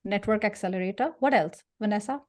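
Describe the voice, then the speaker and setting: Brief: woman from India, career speaker, mid pitch, punchy and playful, quizzes the room. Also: quick pace. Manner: lively, punchy, jokey, quizzes the audience. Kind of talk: interactive workshop talk.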